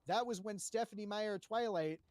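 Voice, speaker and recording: Rambling, profane man with a higher voice. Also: moderate pace, darkish tone, no echo. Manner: rambling, profane, full of fillers and restarts. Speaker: roleplay player giving testimony to a panel. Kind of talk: casual spoken retelling of roleplay events.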